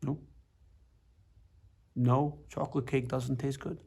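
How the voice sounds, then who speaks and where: Gravelly-voiced man teaching a relaxed class. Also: medium pitch, slow. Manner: repeats and restarts words, playful asides. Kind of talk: casual Torah class.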